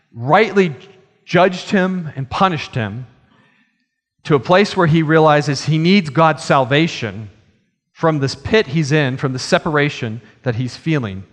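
Male preacher, earnest sermon delivery that builds and slows for emphasis, slightly raised pitch, long reverb. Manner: earnest, swells in emphasis and slows on key phrases.

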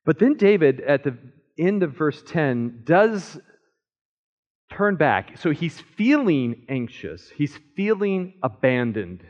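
A man's voice: a little high, sing-song, takes it slowly, a little mellow. A man teaching from the Bible in a sermon style, earnest and emphatic, voicing the psalmist's pleas in first person. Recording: muffled lo-fi recording.

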